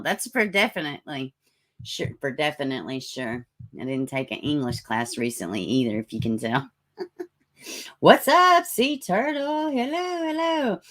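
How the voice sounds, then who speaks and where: Woman, deep raspy voice, casual live-stream host who greets her chat. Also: fairly bright tone. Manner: chatty, greets viewers by name, asks for prayers. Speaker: livestream host.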